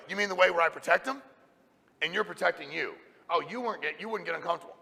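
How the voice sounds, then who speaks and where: A middle-aged man, a company president, giving a blunt, forceful motivational talk to a live audience. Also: on the high side, animated, rapid-fire, vocal fry. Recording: reverberant hall sound.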